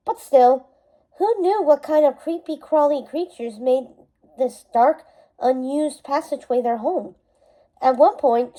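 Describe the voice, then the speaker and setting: A woman reading a novel aloud chapter by chapter, in steady narration that sometimes slips and corrects itself. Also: high voice, low-quality recording. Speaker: storybook reader.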